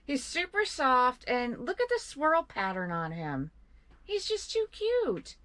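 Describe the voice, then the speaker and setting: A woman's voice: sits high, sing-song, slow, heavy background noise. An older woman with a Southern US accent, chatting cheerfully as co-host of a reselling video. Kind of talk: casual chat.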